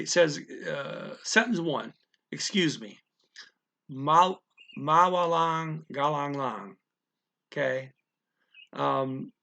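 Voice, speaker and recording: A man's voice: fairly high pitch, gravelly, bright, forceful tone. A man teaching a language lesson in a casual way, explaining step by step and often checking in with "okay?" and "right?".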